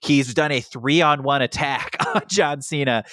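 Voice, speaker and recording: A man co-hosting a podcast, telling a story with lively, quoted voices in casual chat. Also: mid-range voice, unhurried, dry recording, studio quality. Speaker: podcast co-host.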